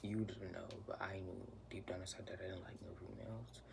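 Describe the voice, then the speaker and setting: A young man tells a personal story in a chatty, slangy way, often sinking into a near whisper. His voice sits a bit low with a gravelly edge. Steady background noise runs under the recording. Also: brisk. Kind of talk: casual storytime. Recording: noisy room ambience.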